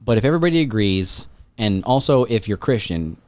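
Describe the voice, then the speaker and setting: A man hosting a podcast in casual chat, rambling and excitable, swearing freely. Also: fairly low pitch, fairly quick, no room sound. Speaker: podcast host.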